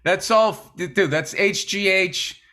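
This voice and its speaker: A middle-aged man trading jokes on a podcast, his voice pitched high and bright, with a forceful edge. He needles his co-host in loose, profane banter. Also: a little slow. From United States. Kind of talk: casual comedic chat.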